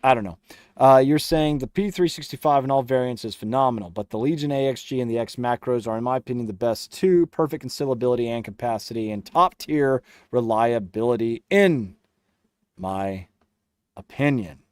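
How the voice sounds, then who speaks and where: A man's voice: mid-range voice, moderate pace, a little mellow, clear, resonant tone, no echo, clean studio sound. A young man hosting a casual livestream, reading chat aloud and teasing viewers with a laugh.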